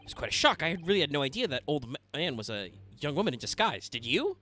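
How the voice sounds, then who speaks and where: A man's voice: on the high side, very animated, fast talker, pushed and bright, slight background noise. A man voicing a doubtful, easily flustered young male defense lawyer. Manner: hesitant, defensive.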